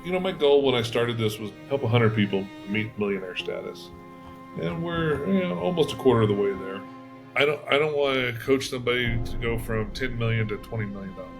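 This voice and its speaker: A man being interviewed as an entrepreneur and mentor, telling stories in a relaxed way with restarts and chuckles. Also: mid-range voice, a little fast, music in the background. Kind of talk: casual interview talk.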